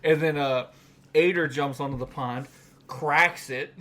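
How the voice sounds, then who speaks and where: A man's voice: a little high, fairly even intonation, unhurried, bright, forceful tone. A man co-hosting a podcast, casually recapping anime episodes with a rambling, laughing way of talking. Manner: rambling, laughing, with frequent restarts and fillers. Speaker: podcast co-host.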